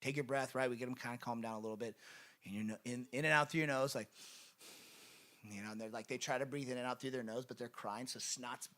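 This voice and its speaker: A man's voice: medium pitch, fairly even intonation, fast, a bit bright. A man preaching a sermon in a church in an earnest, conversational way, with lots of fillers. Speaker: pastor. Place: church sanctuary.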